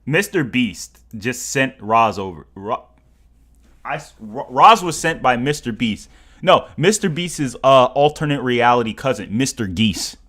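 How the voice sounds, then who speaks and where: Excitable young man streaming, lively pitch. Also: unhurried. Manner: excitable, stammering, exclamatory. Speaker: livestreamer. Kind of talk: live stream reaction chat.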